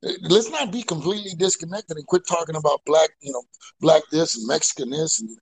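A man hosting a casual comedy podcast chat, telling animated stories and laughing often. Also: on the high side, a little fast, breathy edge, poor audio. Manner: animated storyteller, laughs a lot. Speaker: podcast host.

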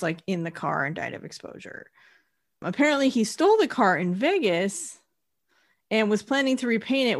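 A woman co-hosting a podcast, recapping an episode in a wry, chatty storytelling way. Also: mid-range voice. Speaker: podcast co-host.

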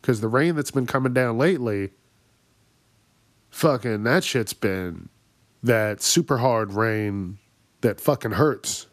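A man's voice: mid-range voice, slow, long pauses, no room sound. A man hosting a podcast, delivering a profane, exasperated comedic rant. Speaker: podcast host. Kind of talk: ranting comedic monologue.

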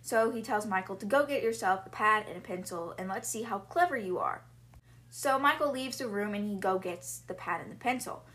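A young woman talks through book chapters in a loose, chatty recap at a middle pitch. She fills her sentences with casual fillers as she retells the story. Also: lively intonation, fairly quick, fairly bright tone. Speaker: podcast host.

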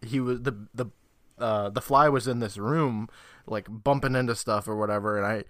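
A man's voice: mid-range voice, moderate pace, a bit bright, no room sound, clean studio sound. A man in his thirties hosting a casual podcast, laughing often as he chats over a call. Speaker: podcast host. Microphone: home mic on a Skype call.

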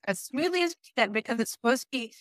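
A woman hosting a podcast who reads out court testimony and discusses it in a measured, serious way. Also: fairly high pitch, expressive, no echo. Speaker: podcast host.

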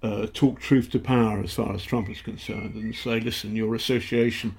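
A British investigative journalist telling stories in a casual interview, halting often and acting out the people he quotes. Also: fairly low pitch, flat delivery, vocal fry, darkish tone, husky. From Britain. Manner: halting, many fillers and restarts, acts out quotes.

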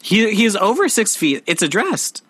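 A young man co-hosting a casual book-club podcast, retelling scenes with animated asides and dry quips. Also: sits high, moderate pace, dry recording. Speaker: podcast co-host.

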